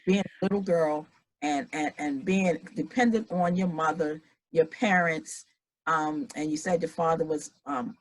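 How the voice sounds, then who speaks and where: A woman hosting an interview, asking gentle, hesitant questions. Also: low-pitched, steady tone, a little slow, rough recording. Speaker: interviewer, host.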